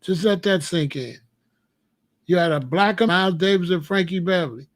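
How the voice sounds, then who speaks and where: A man from the United States hosting a casual monologue, telling stories in an emphatic, profane, animated way. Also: high voice, normal speed. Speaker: commentary host.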